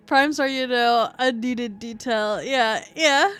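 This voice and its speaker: Slow and smooth, her slightly high, somewhat bright voice carries a rambling live-stream chat as she plays a game. She sounds tired and scratchy, leaning on fillers, swearing freely, and joking at her own expense.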